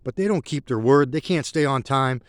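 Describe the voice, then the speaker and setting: A man's voice: mid-range voice, normal speed. Emotional man vlogging outdoors. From rural country background. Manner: emotional, rambling, heartfelt. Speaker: motorcycle vlogger. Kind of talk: casual spoken vlog while riding. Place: outdoors on a country road.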